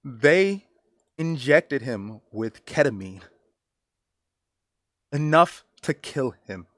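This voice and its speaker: A man's voice: mid-range voice, lively intonation, no room sound. Earnest man with a dry, close sound. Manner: earnest, emotional, halting with repeated phrases. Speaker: vlogger. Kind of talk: personal commentary.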